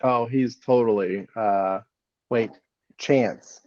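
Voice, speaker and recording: A man co-hosting a casual movie podcast, rambling with halting restarts. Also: medium pitch, a little mellow, no echo. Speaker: podcast co-host. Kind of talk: casual chat. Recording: dull dry call audio.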